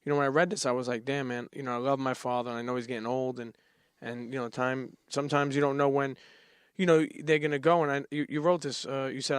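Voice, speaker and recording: A man's voice: mid-range voice, flat delivery, fast, clean tone, no echo, studio quality. A man hosting a podcast, earnest and casual, often stumbling over his words. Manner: earnest, repeats words, reads quotes aloud. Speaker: podcast host. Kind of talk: casual interview chat.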